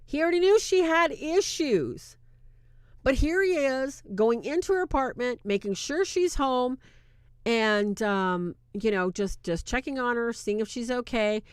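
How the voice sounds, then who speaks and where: A woman's voice: on the high side, expressive, measured pace, smooth, no echo, clean studio sound. A woman casually recapping a film scene by scene, acting out bits of dialogue as she talks. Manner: retells scenes with acted-out quotes, chatty. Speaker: movie reviewer.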